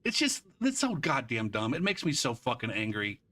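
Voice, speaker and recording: A man live-streams a game, ranting about it in a frustrated, profane way and wandering into rambling asides. His mid-range voice swoops wildly in pitch, moving at normal speed with a sharp tone.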